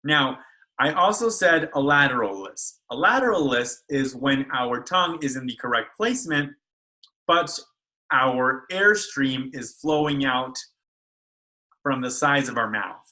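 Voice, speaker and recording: Slow, clear-voiced man teaching speech sounds. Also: medium pitch, animated, bright, forceful tone, poor audio. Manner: slow, careful modeling of sounds. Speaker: speech therapist. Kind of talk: instructional video lesson. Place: school.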